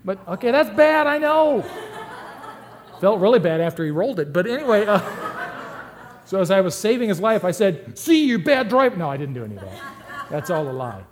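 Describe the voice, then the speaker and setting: A man's voice: sits high, brisk, long pauses, some chatter behind, slight background noise. A man preaching a sermon in a conversational, joking way, rising and dropping his voice for effect. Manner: humorous, conversational, lively swings in loudness. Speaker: pastor.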